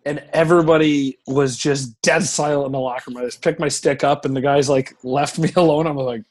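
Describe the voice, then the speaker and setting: A man in his thirties, a hockey goaltender, telling stories as a podcast guest in an animated, profane, rambling way. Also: a little high, brisk. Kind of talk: casual podcast storytelling.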